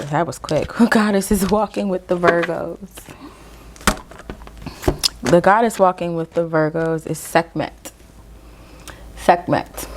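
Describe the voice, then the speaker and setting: A woman with a low, slightly mellow voice gives her viewers a casual tarot reading. She's encouraging, speaks to them directly and keeps checking in with "okay?", and reads from a guidebook in slow, measured phrases.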